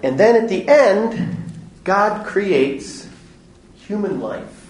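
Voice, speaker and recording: A man giving a parish Bible study talk, animated and joking, acting out little voices in his stories. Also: sits high, extremely slow, reverberant. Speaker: parish teacher. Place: parish hall or church.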